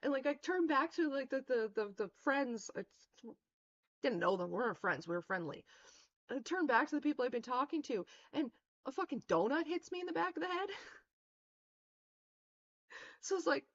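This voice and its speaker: A woman's voice: high voice, animated, normal speed, pauses often. A woman streamer telling a long story in a casual, rambling way, full of swearing and fillers. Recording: dull lo-fi stream mic.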